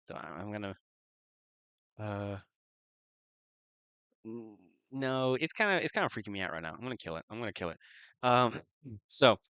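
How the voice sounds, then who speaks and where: A man's voice: on the low side, a bit bright, clear, resonant tone, dry recording. A man playing in a casual tabletop role-playing session, playful and hesitant, with many fillers. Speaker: player.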